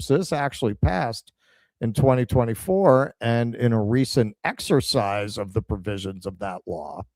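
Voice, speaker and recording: A man's voice: mid-range voice, a little mellow, no echo. A man hosting a political stream reads news items aloud and breaks in with sardonic remarks. His voice sits mid-range. It is recorded close and dry, with no room sound. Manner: sardonic, reads headlines in a slower measured tone. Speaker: political show co-host. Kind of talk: reading news clips aloud and commenting.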